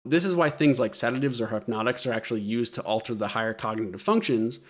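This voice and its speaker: A man co-hosting a podcast, walking his friends through a topic in casual chat. His voice sits at a medium pitch, and he is earnest, often doubling back on his words as he goes. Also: fast. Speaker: podcast co-host presenting the topic.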